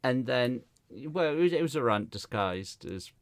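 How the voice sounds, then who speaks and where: A man's voice: medium pitch, moderate pace, smooth, no echo. A man, a stand-up comedian co-hosting a podcast and telling a gig story in casual chat, acting out the people he quotes. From Gateshead, northeast England. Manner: animated storyteller, acts out quotes, laughs often.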